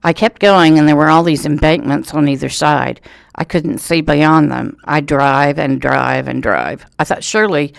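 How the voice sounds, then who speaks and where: Gravelly man reading local news. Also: on the high side, no echo. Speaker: radio reading service volunteer reader. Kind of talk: reading a news article aloud. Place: thrift store.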